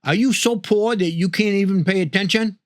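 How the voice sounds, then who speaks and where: A folksy rural Maine local man, as a narrator puts him on, his thick accent stretched into a slow, drawn-out drawl. The voice sits a touch higher than most men's. It is recorded close and dry, with no room sound around it. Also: dry recording, natural voice.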